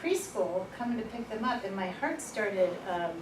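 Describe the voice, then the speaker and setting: A woman presenting a workshop, telling personal stories in a lively, informal way and laughing at herself. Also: mid-range voice, moderate pace. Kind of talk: personal storytelling in a workshop talk. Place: workshop room. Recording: echoey room, far from the mic, noisy.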